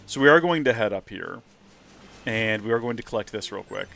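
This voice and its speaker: A man's voice: lowish voice, expressive, a little fast, gravelly, bright, forceful tone, a little hiss or hum. A man hosting a live game stream, chatting and joking about himself as he plays. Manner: chatty, joking, self-deprecating. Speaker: host, gamer.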